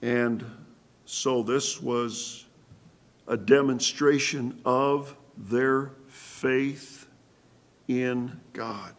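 A man pastor giving a sermon-style Bible study in a church, halting with fillers and asking the congregation questions. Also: medium pitch, steady tone. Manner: halting, many fillers and restarts.

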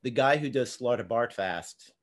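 A man hosting a podcast, chatting casually and telling stories with quick laughs. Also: mid-range voice, expressive. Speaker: podcast host. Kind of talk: casual chat.

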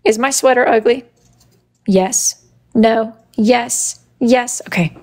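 Playful higher-voiced woman streamer. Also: slow, darkish tone. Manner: playful, teasing, reacts to viewers. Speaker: live-stream host doing wood burning. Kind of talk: casual live-stream chat.

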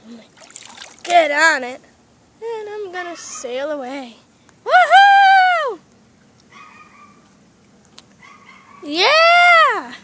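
A woman voicing an excitable female plush pet toy who panics easily, with dramatic shrieks and pleading, in a toy role-play video. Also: high voice, measured pace, very noisy. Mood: gleeful.

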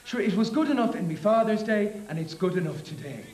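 A fifties irish husband, all huffy and scolding, lots of ups and downs. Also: male voice, sits high, lively intonation, a little fast, a little mellow, roomy sound, poor audio. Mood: blustering. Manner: indignant, scolding, lecturing. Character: blustering bossy 1950s Irish husband, middle-aged. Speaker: sketch actor. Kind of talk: 1950s-style comedy sketch acting.

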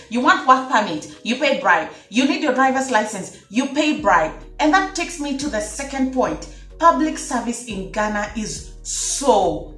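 A woman's voice: fairly high pitch, fairly bright tone, roomy sound. A woman from Kenya talking casually to camera in an opinion vlog, emphatic and repeating her points to her viewers. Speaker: vlogger.

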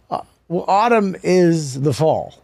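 Excitable profane New guy. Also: fairly high pitch, drawn-out words, vocal fry, no echo. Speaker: podcast co-host. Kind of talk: casual banter.

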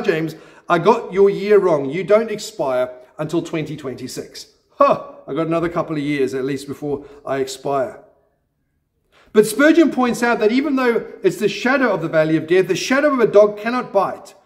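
A man, the pastor of a church, preaching a sermon with earnest delivery and gentle self-deprecating humor. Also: sits high.

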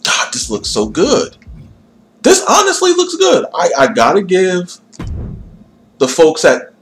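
A young man with a high voice, huge pitch swings, and a slow pace livestreams himself building a game character. Chatty and self-deprecating, he talks to his viewers, jokes about himself, and offers himself reassurance.

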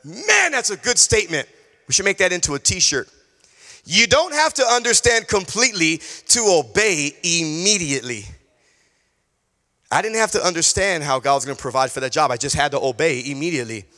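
A male pastor preaching a sermon, telling a personal story in an animated way, acting out conversations and repeating key phrases. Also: fairly high pitch, a little fast, in a large hall. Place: church sanctuary.

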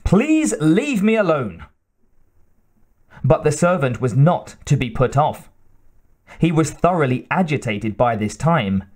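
A man reading an audiobook aloud in expressive, measured narration. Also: medium pitch. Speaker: audiobook reader. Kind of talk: scripted narration.

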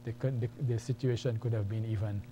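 A man's voice: on the low side, fairly even intonation, a little fast, background noise. A man teaching a beginners' lesson, patiently explaining and repeating each point step by step. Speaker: Arabic teacher. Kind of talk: classroom lesson.

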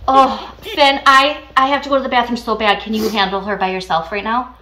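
A woman's voice: a little high, steady tone, brisk. A woman acting as a frazzled pet-daycare worker, fretful and flustered, in pretend play for kids. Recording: roomy, distant, noisy home recording.

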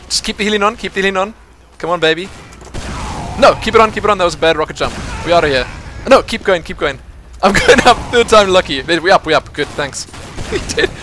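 A man casually commentating his own online shooter match, excitable and chatty, laughing often and calling out to teammates. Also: high voice, fast talker. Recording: noisy game audio under the voice.

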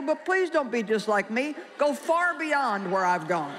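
A woman's voice: a little high, sing-song, a little slow, hardly any pauses, a crowd in the background. A woman delivers a sermon with emphatic, plain-spoken energy, dropping jokes and firing questions at her congregation. Her voice carries a long reverb from a large hall, with a faint murmur of the audience and light background noise underneath. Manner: emphatic, joking, quizzes the audience. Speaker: preacher.

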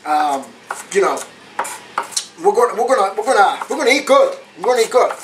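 A man's voice: high voice, sing-song, a little fast, noisy background. Chatty man cooking on camera. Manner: chatty, repeats phrases, street slang. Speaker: home cooking show host. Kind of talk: casual cooking demonstration.

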